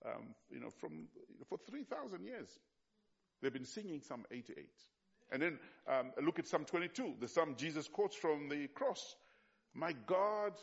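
A man preaching a sermon with passion, swinging from hushed, slow stretches to loud cries, with many restarts. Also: a little high, gravelly, highs cut off. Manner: frequent restarts and fillers.

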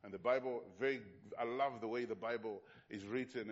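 A male pastor delivering a sermon with emphasis, circling back on his phrases and posing questions to the people in front of him. His voice sits at a middling pitch. The recording is muffled and lo-fi. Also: fairly even intonation, a little fast. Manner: emphatic, repetitive, with rhetorical questions to the congregation.

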